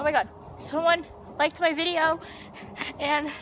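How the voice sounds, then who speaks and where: Excitable high-voiced young woman outdoors. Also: measured pace, pauses often. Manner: excitable, gasping and giggly, drops to whispers. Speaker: vlogger. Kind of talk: casual vlog chatter. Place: backyard outdoors. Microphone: handheld phone. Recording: noisy outdoor phone recording. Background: outdoor ambience with animals.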